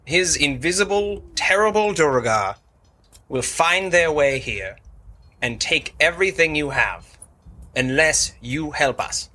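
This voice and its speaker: A man playing a polite elf adventurer who speaks in a formal, measured way. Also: fairly high pitch, lively intonation, sharp tone, full character voice. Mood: earnest.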